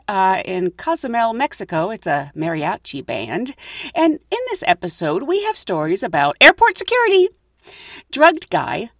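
Lively chatty woman podcast host. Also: fairly high pitch, no room sound, clean studio sound. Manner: lively, chatty, laughs between story beats. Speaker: podcast host and flight attendant. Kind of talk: casual anecdotal storytelling.

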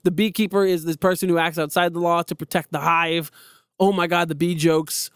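A man's voice: on the high side, flat delivery, brisk, fairly bright tone, smooth, no echo, studio quality. A man co-hosting a podcast, chatting casually about movies with lots of laughing and swearing. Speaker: podcast co-host. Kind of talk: casual chat.

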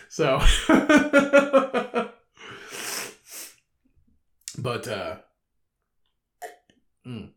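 A man in his thirties talking alone on his podcast with a somewhat low voice. He rambles in a laid-back, conversational way, swears nearly every sentence and breaks into laughs. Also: huge pitch swings, slow, long pauses, fairly bright tone. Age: 30s. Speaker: podcast host. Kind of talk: solo podcast monologue.

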